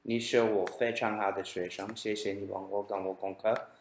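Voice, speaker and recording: A man's voice: lowish voice, flat delivery, normal speed. A man in a classroom demonstration, coaching a learner by repeating a sentence with exaggerated stress. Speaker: student presenter. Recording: echoey room recording.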